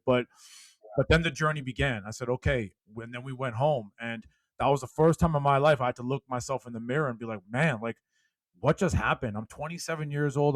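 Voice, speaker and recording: A man in an interview, telling his own story with lively energy that rises and falls. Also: medium pitch, no room sound. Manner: animated, gets loud and laughs when telling a punchline. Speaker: guest speaker.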